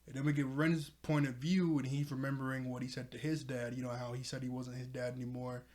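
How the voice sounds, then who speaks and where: A young man casually recapping an anime episode as a reviewer, rambling with lots of "like" and "you know" and clearly an excited fan. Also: mid-range voice, fairly quick. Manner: enthusiastic fan.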